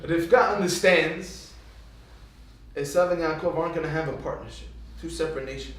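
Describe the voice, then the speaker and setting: Male Torah teacher with a high voice, lively storyteller, far from the mic in a very reverberant room. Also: moderate pace, slight background noise. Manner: animated, swings into sudden emphatic rises.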